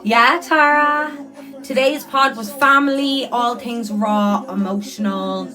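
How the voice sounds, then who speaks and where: A woman's voice: fairly high pitch, level tone, measured pace, music in the background. A young woman, hosting a casual livestream and reading out viewer comments in a chatty, earnest way, repeating words for emphasis. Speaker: livestreamer and podcast host.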